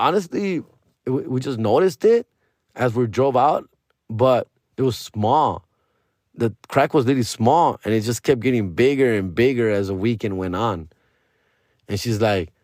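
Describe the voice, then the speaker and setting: A man's voice: mid-range voice, normal speed, no echo, clean studio sound. A young adult man, a comedian and podcast host, telling a comic story with lots of swearing and acting out both sides of the conversations. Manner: animated, profane, acts out both sides of conversations.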